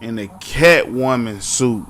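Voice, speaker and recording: A man's voice: medium pitch, slow pace, a bit bright. A man streaming a casual reaction commentary, talking to his chat in blunt slang. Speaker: streamer reacting to arrest videos.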